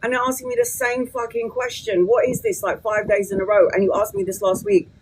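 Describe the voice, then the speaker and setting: A woman's voice: medium pitch, little pitch movement, darkish tone, slightly rough, poor audio. A woman in her forties, a tarot reader talking casually and bluntly on a live stream from her phone, swearing freely. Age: 40s. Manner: blunt and sweary, quick to vent.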